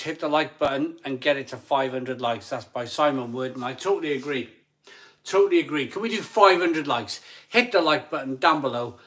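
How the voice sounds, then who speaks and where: A man hosting a casual live stream from home, chatting excitably and counting likes aloud. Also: mid-range voice.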